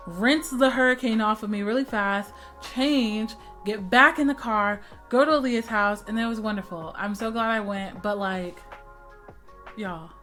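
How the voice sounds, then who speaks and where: A young woman vlogger telling a story in casual chat, acting out dialogue with lots of "like" and "bro". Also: fairly high pitch. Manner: animated retelling, full of "like" and "bro", acts out dialogue.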